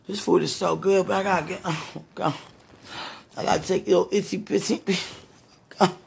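A woman with a hoarse, husky voice, worn from preaching and crying, talking casually to God in a prayerful monologue and calling out to him between sentences. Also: on the low side, steady tone, unhurried, long pauses. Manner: talks to God aloud, breaks into moans and exclamations. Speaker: street preacher.

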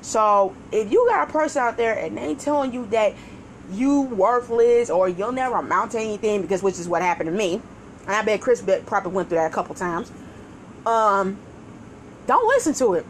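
A woman's voice: mid-range voice, expressive, normal speed, a little hiss or hum, rough recording. A woman co-hosting a show, telling a story in casual chat with profanity and laughter. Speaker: podcast co-host.

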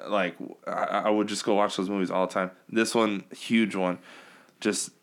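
A man co-hosting a movie podcast in casual chat, an animated storyteller who acts out quotes and swears freely. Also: on the low side, normal speed. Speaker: podcast co-host.

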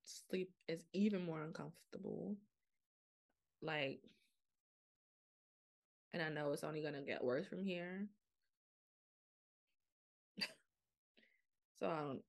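A young adult woman hosts a podcast in a low, creaky, slightly mellow voice. She talks frankly and casually to her listeners in a candid solo monologue, packed with fillers and quoted self-talk.

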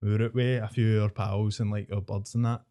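A man's voice: lowish voice, little pitch movement, quick pace, mellow. A man, a podcast co-host in casual, sweary chat, telling stories and laughing often.

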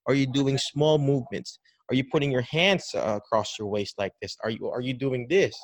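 A man being interviewed as a dementia care educator on a podcast call, animated and full of restarts, acting out how caregivers greet patients. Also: mid-range voice, moderate pace, no room sound.

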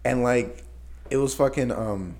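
A man of ordinary pitch tells a long anecdote in loose, casual talk. He swears freely and laughs as he goes, with a lot of animation in his delivery. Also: a little slow. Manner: animated, profane, laughing storyteller. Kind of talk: casual chat, storytelling.

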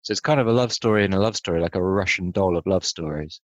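A man's voice: sits low, quick pace, dry recording, highs cut off. A man co-hosting a podcast in casual chat, making wry, sarcastic asides. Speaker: podcast co-host.

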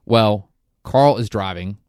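A man's voice: lowish voice, slow, darkish tone, clear, resonant tone, no room sound, studio quality. A man on a podcast, retelling a movie scene in casual chat and acting out the characters' lines. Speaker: podcast co-host.

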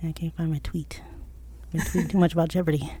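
Low-voiced woman in casual chat. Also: little pitch movement, quick pace, dark tone, a little hiss or hum. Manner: chatty, enthusiastic about music.

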